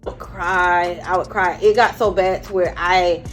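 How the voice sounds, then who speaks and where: A woman's voice: lowish voice, steady tone, unhurried, faint music behind. A woman in her forties, a firearms instructor, telling her story candidly in a casual interview. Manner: candid storytelling, breaks into laughter retelling.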